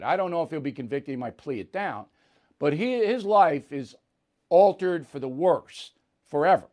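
A man's voice: on the high side, darkish tone. A man hosting a show of opinionated political commentary, talking bluntly and hammering his points with repetition. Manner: emphatic, blunt, repeats points for punch. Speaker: host.

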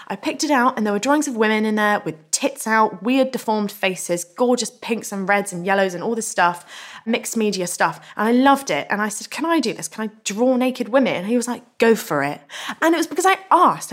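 A young woman, a guest in a casual interview, telling stories frankly, animated and swearing freely. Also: fairly high pitch. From England.

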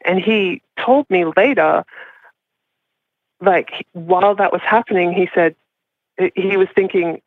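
Calling in over a tinny phone line, a woman tells a personal story, rambling and confessional, leaning heavily on "like" and laughing often. She speaks slowly in a fairly low voice, pausing often, and the recording is dry.

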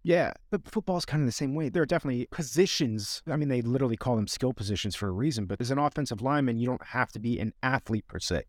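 A middle-aged man chats on a podcast and tells behind-the-scenes stories with lively energy, slipping into the voices of the people he quotes. His voice sits at an ordinary male pitch. The recording is close and dry, with no room sound. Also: fast, hardly any pauses, no echo. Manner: animated storyteller, acts out quotes. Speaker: podcast co-host, former actor on the show. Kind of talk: casual rewatch podcast chat.

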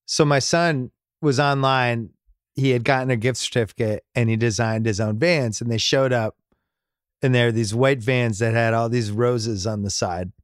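A man hosting a podcast in relaxed, wry chat, at an ordinary middle pitch. His voice is close and dry, with no room sound around it. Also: moderate pace, smooth, no room sound. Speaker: podcast host. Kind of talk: casual podcast chat and read ad.

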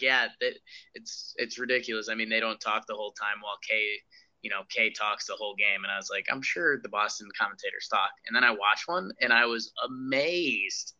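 A young man in casual sports talk, with a very bright, sharp voice that keeps restarting its words. The sound is dry and dull, with no room to it. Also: on the low side, no echo. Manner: hesitant, repeats words when starting. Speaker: podcast co-host.

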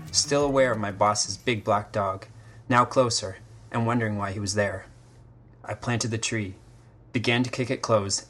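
A man reading a scripted first-person story, measured and literary, with short terse sentences. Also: on the low side, fairly bright tone, slightly rough. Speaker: story narrator. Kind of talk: scripted dramatic narration.

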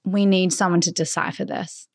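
A woman's voice: on the low side, steady tone, moderate pace. A woman in casual podcast chat who reacts to stories with exclamations and gasps, then shares her own thoughts.

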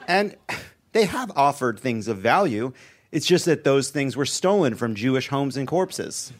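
A man anchoring a satirical comedy news segment, delivering jokes deadpan and breaking into asides. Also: mid-range voice, measured pace.

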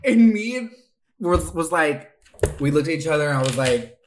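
Profane, animated woman telling a story. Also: low voice, moderate pace, background noise. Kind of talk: casual storytelling chat.

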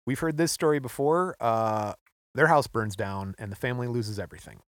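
A man co-hosting a podcast, relaxed as he recounts a history story and laughing often. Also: medium pitch, fairly quick, no room sound, clean studio sound. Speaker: podcast co-host. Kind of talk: casual storytelling chat.

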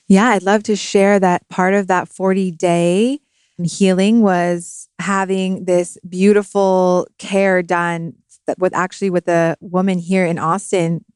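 Smooth-voiced woman sharing a birth story. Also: lowish voice, darkish tone, no echo, clean studio sound. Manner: earnest, spiritual, emotional at times. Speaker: podcast guest. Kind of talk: heartfelt personal storytelling. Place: recording studio.

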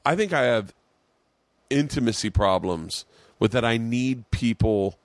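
A man's voice: medium pitch, expressive, unhurried, no echo. A man hosting a podcast, telling rambling comedic stories in casual chat, swearing freely and acting out the other people in them. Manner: rambling storyteller, swears freely, acts out quoted voices. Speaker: podcast host.

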